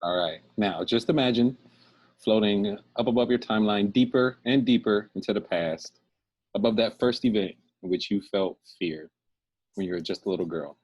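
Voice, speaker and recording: A man hosting a talk show, guiding a guest through a calm, soothing visualization exercise. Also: lowish voice, moderate pace, husky. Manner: calm, soothing, laughs often. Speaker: host guiding a fear-release exercise. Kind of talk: slow guided visualization.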